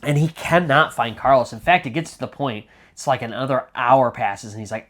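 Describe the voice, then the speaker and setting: A man's voice: medium pitch, a little fast, hardly any pauses, fairly bright tone. Chatty man telling a spooky story. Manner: chatty, dramatic, lots of "like" fillers. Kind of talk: casual spoken storytelling.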